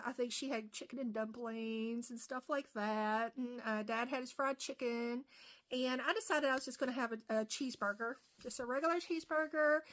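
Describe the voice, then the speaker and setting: A woman from West Virginia with an Appalachian accent, telling a casual story full of fillers and restarts. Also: high voice. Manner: rambling, many fillers and restarts. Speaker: comedian vlogger.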